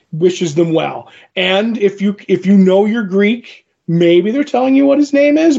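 Gravelly animated man on a podcast. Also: high voice, muffled recording. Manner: animated retelling, acting out characters' lines. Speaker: podcast co-host. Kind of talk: casual comic book chat.

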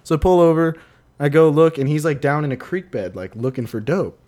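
This co-host's voice runs on the high side, a little mellow, with lively intonation and a brisk pace. He rambles through a long podcast story, swearing freely and acting out quotes.

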